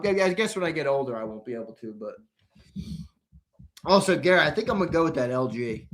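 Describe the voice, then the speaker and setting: An American man hosting a live sports talk stream, chatting loosely, reading viewer comments and now and then bursting into shouts. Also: medium pitch. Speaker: host.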